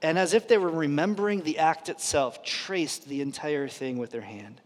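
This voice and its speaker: Pastor, man, thirties, fairly high voice, storytelling sermon delivery, long hall reverb. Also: normal speed. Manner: storytelling, dropping to a hush for quoted lines. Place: church auditorium.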